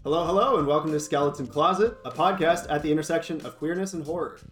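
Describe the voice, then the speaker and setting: A man's voice: on the high side, quick pace, a bit bright, faint music behind. A man co-hosting a podcast in casual chat, earnest and playful with a slightly dramatic touch. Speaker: podcast co-host.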